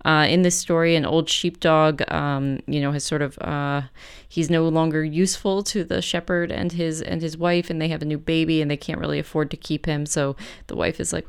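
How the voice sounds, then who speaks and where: A woman hosting a music program, casually retelling a folk tale between pieces in a chatty, relaxed way. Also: low voice, normal speed, gravelly, clear, resonant tone. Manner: chatty, relaxed, with fillers and self-corrections.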